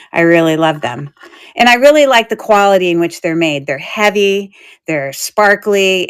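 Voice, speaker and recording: A woman's voice: fairly low pitch, a bit bright, smooth. A woman hosting a live jewelry sale, chatting casually with her viewers and laughing easily. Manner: chatty and giggly, with frequent fillers. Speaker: online shop host selling jewelry on a live stream. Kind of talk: casual live-stream selling chat.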